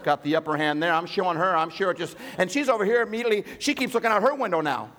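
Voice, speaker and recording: Man preaching, fairly high voice, animated storytelling, hushed then raised, long echoing hall reverb. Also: rapid-fire. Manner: animated, swings from hushed quoted voice to raised pleading. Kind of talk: sermon storytelling.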